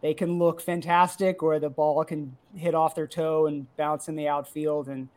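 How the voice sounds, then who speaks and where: A middle-aged man, a comic creator and youth baseball coach, telling an excited, emotional story in casual chat. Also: fairly high pitch, normal speed.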